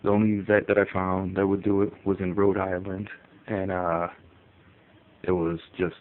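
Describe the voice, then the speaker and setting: A man's voice: low-pitched, little pitch movement, moderate pace, a little hiss or hum. A man from Connecticut rambling casually about his pet in a phone-recorded vlog, with many fillers. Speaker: pet owner. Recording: tinny phone audio with faint ambience.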